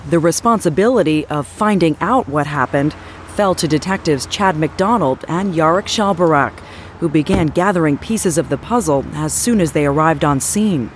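A woman giving measured, dramatic scripted narration for a true-crime program. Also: deep voice, lively intonation, slight background noise. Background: music.

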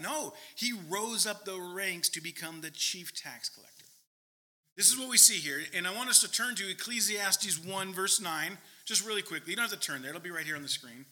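High, bright-voiced man preaching emphatically. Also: lively intonation. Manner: earnest, emphatic preaching with quick asides and mock voices. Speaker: pastor. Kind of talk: sermon.

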